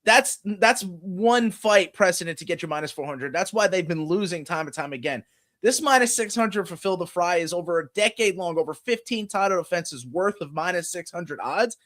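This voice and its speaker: A man's voice: sits high, lively intonation, moderate pace, a bit bright. A man co-hosting a podcast, chatting casually about fight betting with lots of "you know" fillers. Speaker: podcast co-host. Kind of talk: casual sports betting chat.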